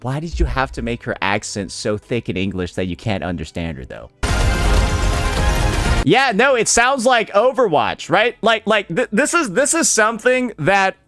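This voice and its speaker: A man's voice: high-pitched, big pitch swings, normal speed, sharp tone, faint music behind. A man making a blunt, profane gaming reaction video, incredulous and repeating "bro" constantly. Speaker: gaming YouTuber.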